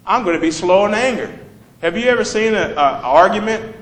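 A man with a fairly high voice preaches in a loose, talky way, stopping to quiz his listeners and read out verses. The room around him rings with echo. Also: lively intonation, brisk, fairly bright tone. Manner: conversational, asks the congregation questions. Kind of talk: sermon.

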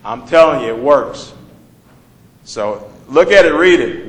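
A man with a fairly high voice preaches in a loose, talky way, stopping to quiz his listeners and read out verses. The room around him rings with echo. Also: animated, measured pace. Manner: conversational, asks the congregation questions. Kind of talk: sermon.

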